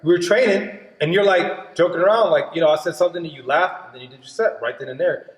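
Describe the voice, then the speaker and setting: A man's voice: a little high, fast talker. A man hosting a casual podcast chat, talking loosely with lots of fillers. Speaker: podcast host. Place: gym. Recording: roomy reverberant hall.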